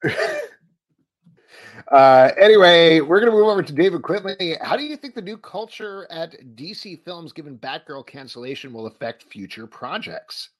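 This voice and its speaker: A man's voice: a little high, sing-song, normal speed. A man hosting a casual podcast chat, dryly teasing and reading out listener questions. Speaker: podcast host.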